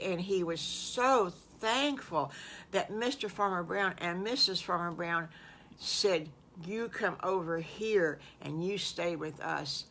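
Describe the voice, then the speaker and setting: A woman's voice: on the low side, sharp tone. An older woman telling an improvised children's story, folksy and meandering, with repetitions and exclamations. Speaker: storyteller grandmother.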